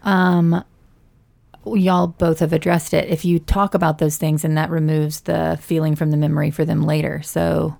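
A woman's voice: low voice, level tone, normal speed, creaky, mellow. A woman in casual conversation, offering reflective advice as a parent. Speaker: parent in discussion. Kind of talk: casual chat.

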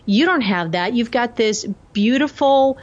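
A woman guest speaking as a vocal coach in an interview, warm and emphatic. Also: on the high side, expressive, unhurried. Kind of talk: interview talk. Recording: dull lo-fi audio.

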